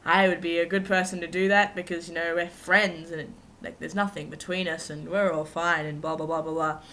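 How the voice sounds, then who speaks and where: A woman's voice: lowish voice, level tone, brisk, pushed and bright, slight background noise. A young woman vlogger telling a personal story to camera in a chatty, rambling, self-mocking way with lots of asides.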